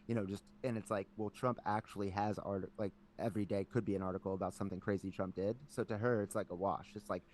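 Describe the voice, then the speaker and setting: A man co-hosting a podcast in casual chat, telling animated stories with lots of "like" and acting out his family. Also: on the low side, quick pace, hardly any pauses, slight background noise. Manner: animated storyteller, lots of "like", acts out family members. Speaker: podcast co-host.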